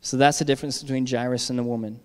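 A male pastor preaches in a relaxed, conversational way, often pausing to ask "all right?" to check in with his listeners. His voice sits at a middle pitch and carries a long reverb, as if it is filling a church hall. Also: clear, resonant tone. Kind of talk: sermon.

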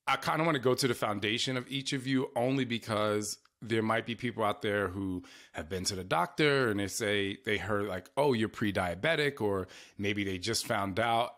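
A man's voice: fairly low pitch, a bit bright. A man hosting a podcast who asks a long, loosely phrased question in a casual way. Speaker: podcast host.

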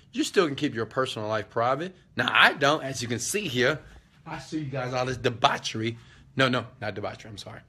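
Emphatic motivational man, bright voice. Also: mid-range voice, brisk. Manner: emphatic and preachy, often checks in with "okay?"; rhetorical questions, slangy asides. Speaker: motivational host answering viewer questions. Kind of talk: live casual motivational talk.

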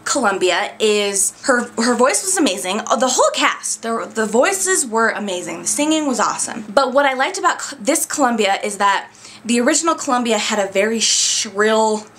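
A woman's voice: on the high side, very animated, normal speed, fairly bright tone, a little hiss or hum. A young woman reviewing in a casual, gushing, chatty way as a video host. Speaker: YouTube reviewer. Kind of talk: casual chat.

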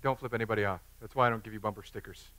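A man's voice: on the low side, fairly even intonation, rapid-fire, sharp tone. A pastor in his thirties preaching a sermon in a church, joking and conversational.

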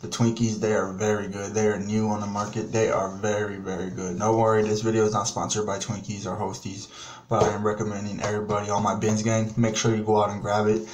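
A man's voice: lowish voice, little pitch movement, fast talker, darkish tone. A man ranting in a casual product review vlog, profane and exasperated, rambling as he talks. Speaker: vlogger. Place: small home bathroom. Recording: echoey bathroom with background noise.

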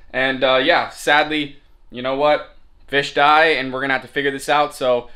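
A man hosting an aquarium fish vlog, hyped and casual, calling his viewers ladies and gentlemen and saying freaking a lot. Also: a little high. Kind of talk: excited hobby vlog.

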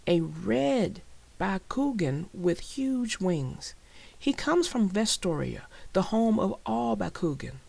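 A woman narrating a children's storybook with a slow, expressive delivery. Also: on the low side, vocal fry. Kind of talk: reading a children's book aloud.

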